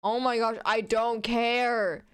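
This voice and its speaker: A woman's voice: on the high side, level tone, takes it slowly, clean tone. A woman streamer reading fan fiction aloud on stream, stumbling over words and laughing often.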